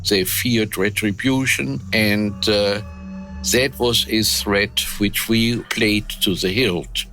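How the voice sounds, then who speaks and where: A man in his nineties from Germany, recounting wartime memories in an interview, unhurried and reflective with frequent hesitations. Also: fairly low pitch, sharp tone, soft background music. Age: 90s. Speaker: interviewee, war veteran.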